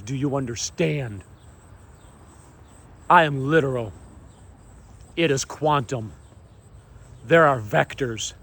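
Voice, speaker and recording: A man delivering an impassioned monologue to camera, proclaiming slowly and emphatically, swinging between loud declarations and hushed asides. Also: mid-range voice, slightly rough. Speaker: vlogger.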